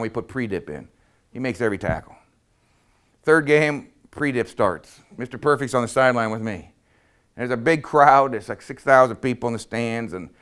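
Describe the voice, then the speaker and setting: A middle-aged man, a football coach, telling stories to an audience in an animated way and acting out the quotes. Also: mid-range voice, clean tone. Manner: animated storyteller, acts out quotes. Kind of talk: motivational talk with stories.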